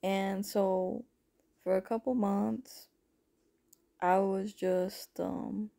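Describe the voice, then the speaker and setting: Gravelly-voiced woman sharing a testimony. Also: mid-range voice, dark tone. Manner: emotional, rambling, addresses viewers as folks and honey. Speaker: spiritual content creator. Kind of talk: personal testimony vlog.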